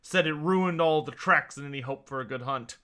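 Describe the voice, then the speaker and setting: Guy doing a drowsy shady fish seller, kinda high, lazy amused drawl. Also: moderate pace, bright, forceful tone. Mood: sly. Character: tired, shady male fish merchant at a stall.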